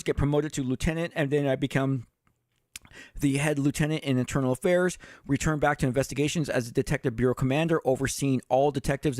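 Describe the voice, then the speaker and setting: Plain-spoken retired cop telling stories. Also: male voice, mid-range voice, no room sound, studio quality. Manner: conversational, addresses viewers directly, swears casually. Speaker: streamer and retired police chief. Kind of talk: casual livestream storytelling.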